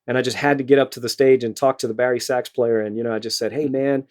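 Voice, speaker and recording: A middle-aged man with a Louisiana accent, a retired high school band director telling stories in an interview, with many restarts and fillers. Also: fairly even intonation, quick pace. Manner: storytelling, many repeated words and fillers. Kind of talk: casual interview answers.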